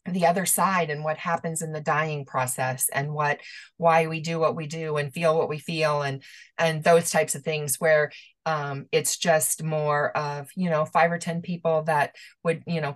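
Low-pitched middle-aged woman, emotional rambling storyteller, medium guest on a call. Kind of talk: conversational storytelling.

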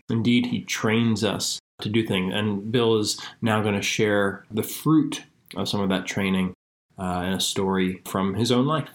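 Man, host, low voice, slow deliberate delivery, scripture reading.

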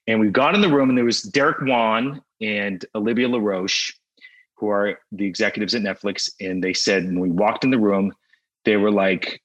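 A man telling the story of pitching his show in a casual interview, rambling with many fillers and restarts. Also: moderate pace, a bit bright, poor audio.

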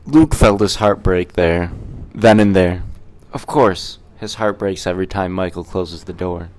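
A man's voice: deep voice, measured pace, a little mellow. A man reading the narration of a fan story aloud in a plain, matter-of-fact way.

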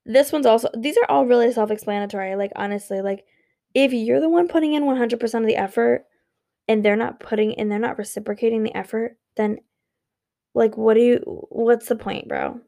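Sleepy woman ranting relationship advice, blunt and sweary, lots of vocal fry. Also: on the high side, fairly quick, warm tone. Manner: blunt, profane, emphatic, repetitive. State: sleepy and yawning. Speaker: vlogger giving relationship advice. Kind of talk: casual unscripted advice monologue.

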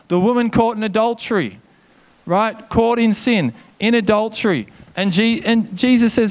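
Man preaching, higher-pitched voice, lively, conversational, keeps saying come on. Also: normal speed. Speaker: pastor. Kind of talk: sermon.

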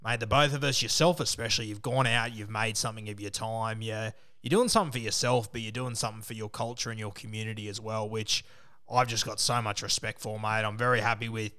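A man's voice: on the low side, steady tone, fast, bright, forceful tone. An Australian man chatting casually in a home studio, friendly and encouraging, wrapping up an interview.

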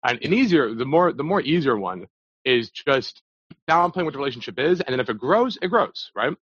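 A man's voice: mid-range voice, big pitch swings, fairly quick, fairly bright tone, husky, no echo. Man, podcast guest, casual storytelling, filler words, restarts, mid-range voice, muffled lo-fi sound. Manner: loose, filler-heavy with frequent restarts. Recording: dull, dry lo-fi audio.

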